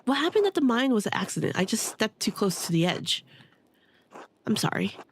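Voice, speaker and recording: A woman reading aloud the lines of a weary, grieving older male hermit scholar from a story game, in a subdued, halting way. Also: fairly high pitch, big pitch swings, slight background noise. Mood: somber.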